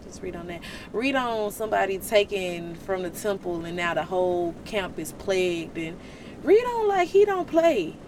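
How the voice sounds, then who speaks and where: A woman giving casual Bible teaching in an animated, slangy, joking way. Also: medium pitch, normal speed, background noise. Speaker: Christian vlogger teaching the Bible.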